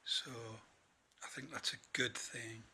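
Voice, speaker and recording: A tired man in his forties talks in a chatty, rambling way. His voice is husky and strikingly bright, and he keeps quoting what others said to him. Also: mid-range voice, fairly even intonation, slow pace. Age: 40s. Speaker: vlogger. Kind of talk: casual spoken diary.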